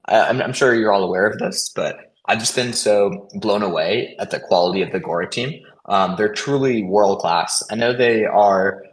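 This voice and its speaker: Guy on a community call, lowish voice, talks fast, lots of ums and restarts. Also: rough recording. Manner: hesitant, many fillers and restarts; fast, caffeinated talk. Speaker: protocol contributor hosting a community call. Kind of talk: casual community call update.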